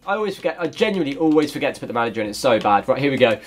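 A man giving gameplay commentary as a gaming YouTuber, excitable and shouting at the game. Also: medium pitch, racing, hardly any pauses.

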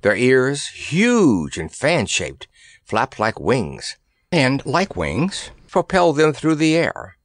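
A man narrating a children's fantasy audiobook in a measured, expressive storytelling manner, close to the microphone. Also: mid-range voice, dry recording. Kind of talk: reading a children's fantasy novel aloud.

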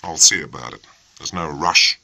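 A man's voice: rumbling low, normal speed, gravelly, sharp tone, no room sound, heavily acted. A man voicing a coarse, sarcastic and bullying first lieutenant who talks with peevish scorn. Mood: sneering.

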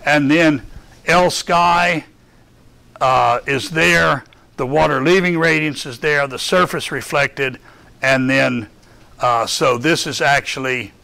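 A man running a lab session, explaining a data file while thinking aloud, halting with many fillers. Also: a little high, gravelly, sharp tone. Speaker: lab instructor. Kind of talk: classroom lab walkthrough.

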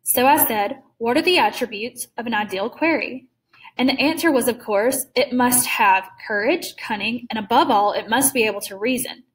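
A woman voicing a suave, cruel older male aristocrat hunter in a storybook reading, smooth, genteel and mocking. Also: on the high side, moderate pace, lightly acted, rough recording. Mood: boastful.

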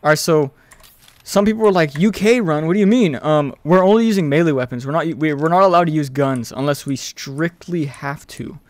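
A young man streaming a video game, chatting casually with viewers, excitable and swearing freely, yelling when the action heats up. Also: fairly high pitch, fairly quick, no room sound. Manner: excitable, swears freely, yells during fights. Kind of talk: casual live-stream chat and gameplay commentary.

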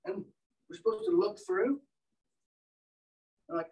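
A man teaching entomology to a training group, telling stories with animated, acted-out quotes. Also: high-pitched, a little slow, pauses often, recorded from a distance, poor audio. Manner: animated storyteller, acts out voices. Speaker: entomologist lecturer. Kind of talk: anecdotal training lecture. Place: indoor training room.

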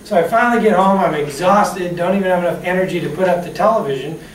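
A man's voice: high voice, fast. A man giving a motivational talk on customer service, telling personal stories and asking the audience questions, recorded from a distance in a room. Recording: echoey room, distant mic, faint hiss.

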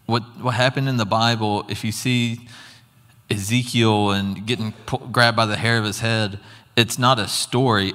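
A man's voice: fairly low pitch, a bit bright. Earnest man preaching in a reverberant hall. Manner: storytelling, earnest, acts out his own reactions. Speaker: guest preacher. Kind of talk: sermon testimony.

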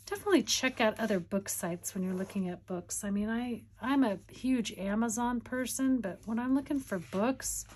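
Her voice is a little high and a little mellow, at normal speed with few pauses, and there's slight background noise. She's a crafting vlogger casually rambling and giggling as she presents her finds in show-and-tell fashion.

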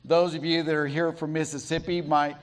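A middle-aged man from Colorado preaching a sermon in a church, telling stories slowly and deliberately with pauses. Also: on the high side, flat delivery. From Colorado, USA. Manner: storytelling, slow and deliberate with pauses. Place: church sanctuary.

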